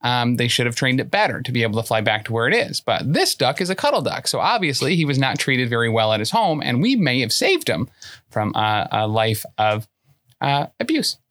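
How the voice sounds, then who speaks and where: A player in a tabletop game session talks in character with a bright, forceful tone and a pitch that swings widely. They rationalize earnestly and matter-of-factly, stumbling into fillers and restarts as they go. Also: very animated, fairly quick.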